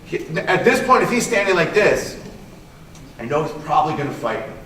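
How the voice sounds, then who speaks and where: A man's voice: on the high side, big pitch swings, brisk, a bit bright, a little hiss or hum. A man, a martial arts instructor, giving a conversational conference talk with a live demonstration, often checking in with "right?" and repeating himself. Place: conference hall. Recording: echoey hall, voice picked up from a distance.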